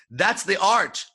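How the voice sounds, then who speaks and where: A man's voice: high voice, pushed and bright, husky. A man giving a live lecture as a seduction coach, profane and playful, acting out his examples.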